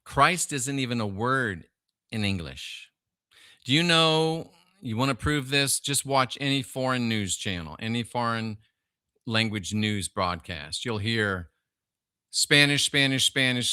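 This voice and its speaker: Emphatic man with a sharp voice. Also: medium pitch, animated, measured pace, clear, resonant tone, no echo, clean studio sound. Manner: emphatic and preachy, with sudden loud bursts. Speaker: livestream host reading chat. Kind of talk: solo livestream rant.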